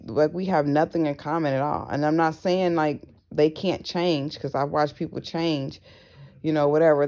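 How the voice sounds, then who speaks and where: A woman's voice: low-pitched, a little mellow. A woman talking frankly to her viewers in a casual vlog, blunt and profane, with slangy asides. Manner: acts out other people's voices in her stories. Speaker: vlogger. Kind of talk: casual personal vlog monologue.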